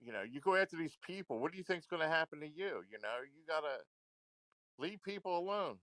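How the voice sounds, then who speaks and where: A man's voice: a little high, animated, fast talker, a bit bright, no echo. A man ranting into a livestream, confrontational and repetitive, swearing often. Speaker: livestream commentator.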